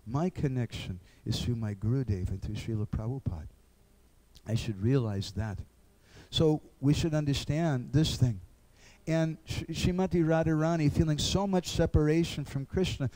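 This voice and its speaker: A man's voice: fairly high pitch, moderate pace, warm tone. A man giving an earnest devotional lecture, acting out little dialogues.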